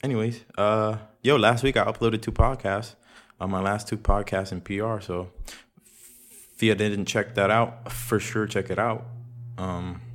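A young man talks through his solo podcast in a relaxed, rambling way, full of slang and swearing. His voice sits on the low side, and he drifts from one thought to the next like he's catching up with a friend. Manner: rambling, profane, laid-back slang. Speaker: podcast host. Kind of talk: casual solo podcast chat. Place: room at home with audible room echo.

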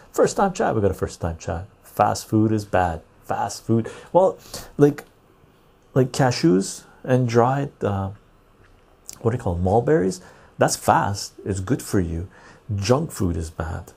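A middle-aged man from Canada's West Coast hosts a casual livestream podcast, his lowish voice creaky, mellow and slightly rough. He reads viewer chat aloud and answers loosely, with frequent fillers.

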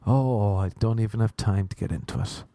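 A man's voice: on the low side, a little fast, warm tone, dry recording. A young Irish man, a stand-up comedian, rambling self-mockingly through a casual podcast outro.

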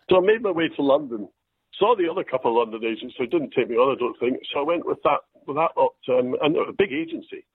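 An older Scottish actor, appearing as a guest in a relaxed interview, tells self-deprecating stories and quotes others in lively voices. His voice is slightly high and husky at a normal speed, heard over a dry, tinny, phone-like line.

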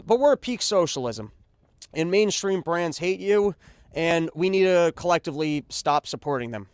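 A man's voice: high voice, smooth, no echo, clean studio sound. A man hosting a podcast, ranting casually and sarcastically with lots of swearing and stammered restarts. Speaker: podcast host.

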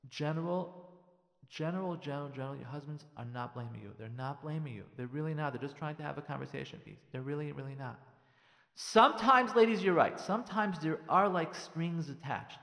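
A man's voice: a little high, fairly bright tone, in a large hall. A man speaking as a rabbi, giving marriage advice on the radio in an emphatic style, repeating key phrases and acting out what spouses say.

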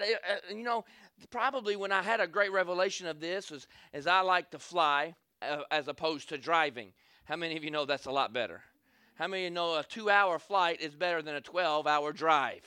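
A man's voice: a little high, fairly quick, smooth, no room sound, studio quality. A man preaching a sermon, telling a story and calling on the crowd for amens, acting out scenes as he goes. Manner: animated, calls for amens, acts out scenes.

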